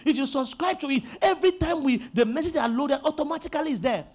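A pastor preaching a sermon in an emphatic style, repeating key words and rising into shouts. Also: male voice, extremely high pitch, lively intonation, fast.

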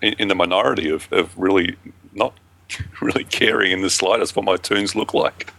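A man's voice: deep voice, moderate pace, gravelly, sharp tone, dry recording. A man co-hosting a casual gaming podcast, talking with dry, self-mocking humor. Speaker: podcast co-host. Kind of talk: casual chat.

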